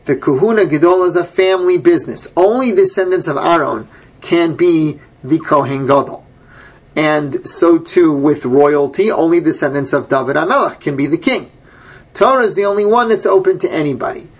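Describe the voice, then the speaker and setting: A man's voice: fairly high pitch, moderate pace, slightly rough. A man teaching a Torah class, reading verses aloud and then translating and explaining them. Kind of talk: Bible class lecture.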